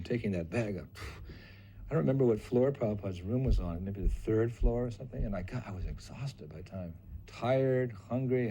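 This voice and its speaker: An older man recounting a personal memory as a lively storyteller who acts out other people's lines. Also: on the low side, slight background noise. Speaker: devotee recalling memories.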